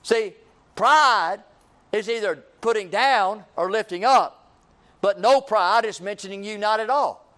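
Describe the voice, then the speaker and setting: High-voiced, clear-toned male preacher. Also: normal speed, a bit bright. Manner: repetitive preaching cadence, addresses listeners as friend. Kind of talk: sermon.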